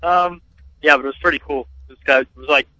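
A man's voice: on the high side, steady tone, fairly quick, sharp tone, no room sound, poor audio. A man calling into a sports radio show, telling a rambling story full of ums and likes. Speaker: caller. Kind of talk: casual phone-in chat.

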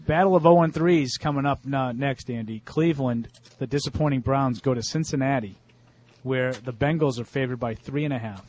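A man's voice: medium pitch, normal speed, darkish tone, a little hiss or hum. A man hosting a casual sports panel, reading out each matchup and its line before giving his own pick. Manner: reads out matchups and lines, then gives his pick. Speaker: host running the picks segment.

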